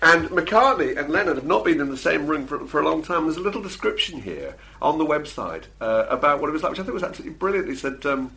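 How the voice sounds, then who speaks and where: A middle-aged Englishman chats on a podcast, rattling along quickly with fillers, restarts and self-mocking asides. His pitch rises and falls a lot as he talks. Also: very animated, creaky, bright, forceful tone. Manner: chatty, self-deprecating, full of fillers and restarts. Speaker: podcast co-host. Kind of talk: casual chat.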